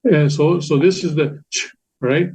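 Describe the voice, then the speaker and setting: A man's voice: fairly high pitch, steady tone, a little slow, a little mellow, slight background noise. A man teaching a class, talking patiently with many fillers, restarts and repetitions. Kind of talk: classroom lecture explaining Korean letters. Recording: dull lo-fi sound.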